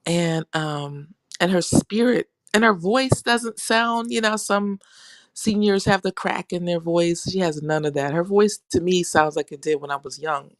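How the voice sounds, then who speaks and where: A woman's voice: fairly low pitch, a little slow, no room sound, studio quality. A woman in her fifties telling a funny family story in casual chat on a video call, often laughing as she talks. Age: 50s.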